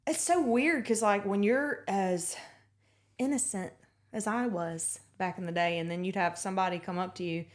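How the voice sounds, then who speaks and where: A woman, a nurse, chatting casually as a podcast guest and jumping in with quick comments. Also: mid-range voice. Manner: quick reactive comments and laughter. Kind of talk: casual chat.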